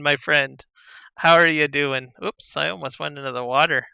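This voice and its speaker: A man chatting casually on a live gaming stream, relaxed and rambling with lots of fillers and soft chuckles, on a slightly dull lo-fi mic. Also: on the high side, moderate pace, gravelly, smooth, no room sound. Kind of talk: casual live-stream chat while playing.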